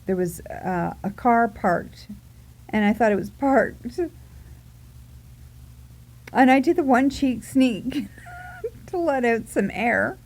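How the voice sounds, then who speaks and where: A woman vlogger telling a funny personal story in a casual, animated way, giggling and acting out her own reactions. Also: on the high side, slow pace, pauses often.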